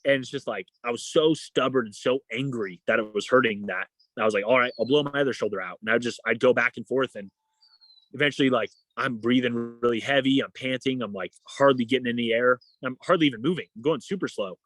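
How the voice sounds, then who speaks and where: The guest, a young adult man who does endurance sports, talks a little fast at medium pitch with no echo. In this casual interview he brings his story to life by voicing the people in it and acting out what they said.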